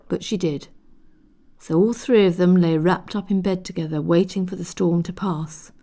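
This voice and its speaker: A woman reading a novel aloud in steady, descriptive scripted narration. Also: on the low side, moderate pace. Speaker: audiobook narrator.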